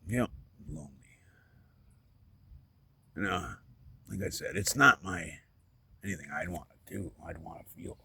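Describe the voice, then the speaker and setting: Low gravelly guy in his 40s or 50s rambling about his life, raspy, lots of uh and you know, gets emotional and drops almost to a whisper. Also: bright, forceful tone, a little hiss or hum. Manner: rambling, halting, many fillers and restarts. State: emotional, voice dropping to near whisper. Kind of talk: candid personal vlog monologue.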